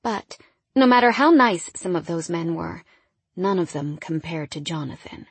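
A woman narrating a first-person romance audiobook in an intimate, wistful way that often drops quiet. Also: lowish voice, lively intonation, moderate pace, slightly rough, no echo.

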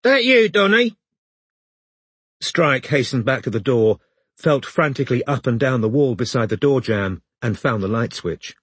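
A man narrating an audiobook in a measured, even reading. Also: mid-range voice, husky, no echo.

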